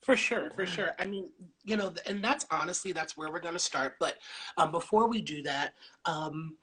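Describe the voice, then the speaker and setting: Lady hosting a live video chat, husky low voice, bubbly and full of ums. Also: normal speed, a bit bright. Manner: bubbly, many fillers. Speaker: interview host. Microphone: video call.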